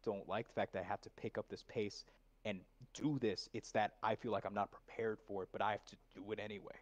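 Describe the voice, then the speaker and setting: A man's voice: on the low side, steady tone, fairly quick. A man being coached as a voice actor, thoughtfully explaining how he approached a scene. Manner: thoughtful, explaining his process at length. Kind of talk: reflective conversation.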